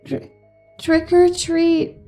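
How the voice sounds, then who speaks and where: A woman voicing a little girl whose words come out high-pitched and screeching through a creepy Halloween mask. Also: monotone, drawn-out words, dark tone, faint music behind, full character voice. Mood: nervous.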